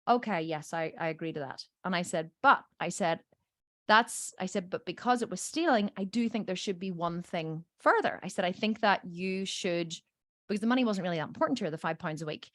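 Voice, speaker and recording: A mother who hosts a coaching podcast tells a story in an emphatic monologue, swearing and acting out the voices of the people involved. Her voice is lowish, animated, a bit bright and a little fast, recorded dry with clean studio sound.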